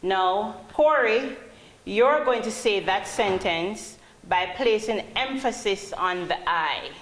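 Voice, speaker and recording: In a training classroom, a woman leads a call-centre class, calling on students and putting questions to them. Her medium-pitched voice is expressive and slow, and the roomy classroom carries a faint hum.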